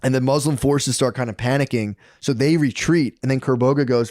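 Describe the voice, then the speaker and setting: A man's voice: mid-range voice, steady tone, fairly quick, darkish tone, dry recording, studio quality. Profane man rambling through a story. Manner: rambling, profane, bro slang. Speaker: podcast co-host. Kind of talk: casual history storytelling.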